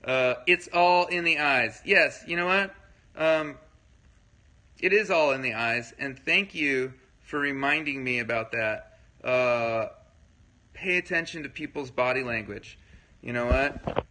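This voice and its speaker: A man's voice: mid-range voice, a little slow, pushed and bright, poor audio. A man hosting a casual livestream, talking loosely to his viewers and answering their comments, rambling with lots of fillers and frequent check-ins. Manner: rambling, filler-heavy, keeps checking in with listeners. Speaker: livestream host.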